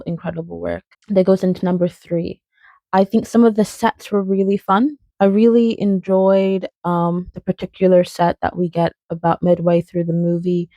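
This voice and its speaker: A woman's voice: on the low side, mellow, dry recording. A young woman talking casually through a film critique, chatty and playful with frequent fillers and tangents. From outside England. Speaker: video essayist. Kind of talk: casual spoken video essay.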